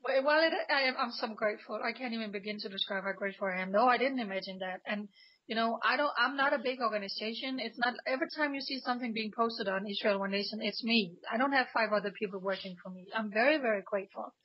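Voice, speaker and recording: A woman's voice: on the high side, fast talker, muffled recording. A woman from Denmark, a guest on a radio interview, speaking with emphatic passion and frequent restarts. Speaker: guest, pro-Israel activist.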